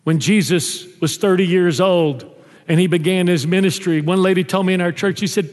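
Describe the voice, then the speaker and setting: Man, pastor, high voice, storytelling sermon, long church-hall reverb. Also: normal speed. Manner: storytelling, drops low and soft on intimate lines.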